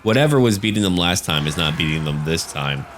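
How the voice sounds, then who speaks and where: A man's voice: sits low, lively intonation, a little fast, a bit bright, faint music behind. A man casually commenting on a strategy game battle, chatty and joking. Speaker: gaming channel host.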